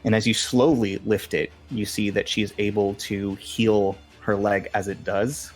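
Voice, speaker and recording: Low-voiced man running a tabletop game. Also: little pitch movement, a little slow, faint music behind. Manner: casual, many fillers, playful swearing. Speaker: game master.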